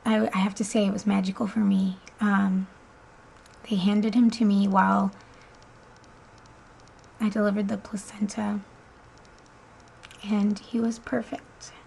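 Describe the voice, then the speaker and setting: A woman's voice: mid-range voice, little pitch movement, unhurried, creaky, pauses often, darkish tone, husky, rough recording. A woman in her twenties casually telling the story of her son's birth, chatty with frequent ums and easy laughter. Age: 20s.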